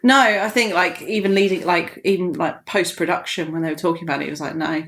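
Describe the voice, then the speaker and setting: A woman's voice: on the low side, steady tone, fast talker, a bit bright. A woman guest chatting casually on a podcast as an enthusiastic film fan.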